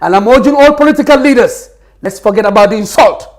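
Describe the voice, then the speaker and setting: A man's voice: sits high, quick pace. A Gambian man with a Gambian accent, a political leader speaking fervently and preachily in an interview. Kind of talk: impassioned interview talk.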